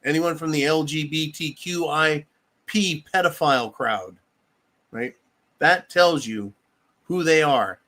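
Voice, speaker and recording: A man's voice: on the high side, slow, bright, forceful tone. A man hosting a political livestream, ranting angrily and bluntly with lots of profanity. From United States. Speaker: political commentary host reading viewer comments.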